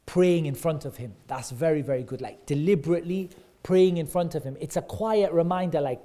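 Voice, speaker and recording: A man leads a children's class with a mellow, slightly high voice. He keeps asking the kids questions and echoes their answers back with warm praise. His talk is loose and encouraging, full of everyday examples. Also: brisk, hardly any pauses. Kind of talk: interactive lesson for kids.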